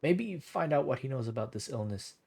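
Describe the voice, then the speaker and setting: A man voicing a gentle male gnome adventurer in a game, speaking quietly and tenderly. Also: medium pitch, expressive, fairly quick, vocal fry, husky.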